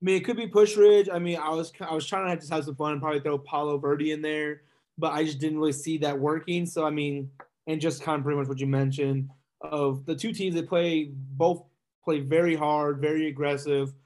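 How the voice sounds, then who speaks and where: A man co-hosting a casual sports chat, relaxed and a bit hesitant, with stumbling starts. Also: fairly high pitch, a little fast. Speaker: sports podcast co-host.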